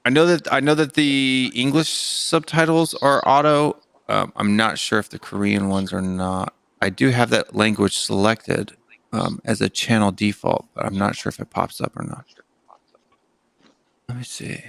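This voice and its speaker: Gravelly, smooth-voiced American streamer. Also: male voice, on the low side, moderate pace, a bit bright, no room sound. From United States. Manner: chatty, thinks aloud with fillers. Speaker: livestream host. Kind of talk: casual livestream chat.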